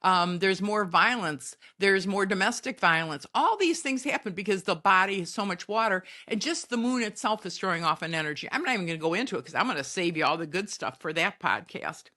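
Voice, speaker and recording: A middle-aged woman with a bright, ringing voice delivers a spiritual advice monologue. She lectures in a folksy, emphatic way and scolds her listeners as she goes. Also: mid-range voice, lively intonation, fairly quick, hardly any pauses. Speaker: podcast host.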